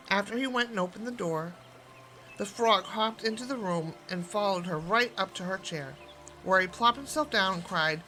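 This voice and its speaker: A woman reading a fairy tale aloud in an expressive, gently paced storytelling voice. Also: mid-range voice, normal speed. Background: background music.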